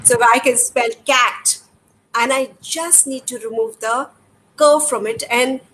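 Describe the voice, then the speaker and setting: A middle-aged woman with an Indian English accent, her voice high and clear, talks parents through reading skills at home. She explains patiently, poses questions and answers them herself, and sounds out examples. A faint hiss of background noise sits under her voice. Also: unhurried, a bit bright, rough recording. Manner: patient, demonstrative, asks rhetorical questions. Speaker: educator.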